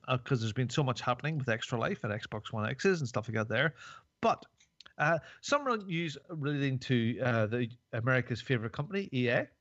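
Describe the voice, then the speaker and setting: Give me a rambling podcast host, recorded on a dry, slightly dull mic. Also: male voice, medium pitch, a bit bright, dry recording. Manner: rambling and jokey, many fillers. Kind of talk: casual chat.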